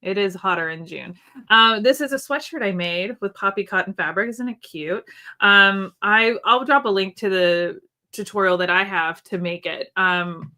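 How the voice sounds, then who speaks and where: A woman's voice: mid-range voice, normal speed, sharp tone. A woman hosting a live online sewing event, chatting with viewers and demonstrating products with frequent ums. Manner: chatty, friendly, with frequent ums, reading chat comments aloud. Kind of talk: live-stream product demo. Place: indoors at a sewing desk in Nashville, under an air-conditioning vent.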